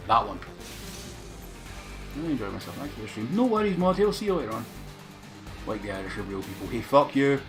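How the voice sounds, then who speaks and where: Casting: male game streamer, casual and rambling, lots of swearing, game music underneath. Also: medium pitch. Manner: rambling, sweary, chatting with viewers. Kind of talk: casual live-stream chat.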